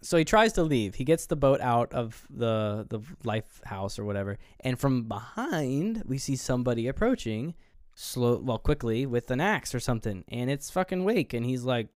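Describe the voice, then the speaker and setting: A man's voice: mid-range voice, moderate pace, no room sound. A man with a medium voice recaps a movie on a podcast, jumping into the characters' lines as he goes. The sound is close and dry, with no room around it. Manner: animated retelling, acts out film lines, swears casually. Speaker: podcast co-host. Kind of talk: casual film review chat.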